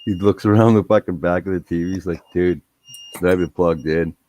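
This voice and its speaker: A man's voice: sits low, steady tone, fairly quick, mellow. A man telling a rambling, profane story in a laid-back casual chat.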